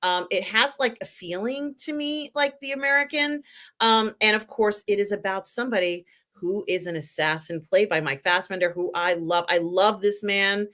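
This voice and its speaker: A woman's voice: mid-range voice, moderate pace, a bit bright. A woman hosting a live pop culture chat show, talking in a rambling, chatty way with many fillers. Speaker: host.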